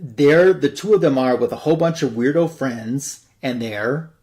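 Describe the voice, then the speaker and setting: A man's voice: medium pitch, normal speed, darkish tone. A man hosting a comic book show, casually retelling a story in a loose, rambling way full of fillers. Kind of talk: casual plot recap.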